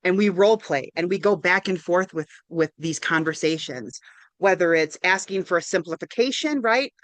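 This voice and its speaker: A woman's voice: fairly low pitch, moderate pace, no room sound. A woman counselor giving an interactive online workshop, upbeat and encouraging, often checking in with "right?". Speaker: counselor and presenter. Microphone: video call.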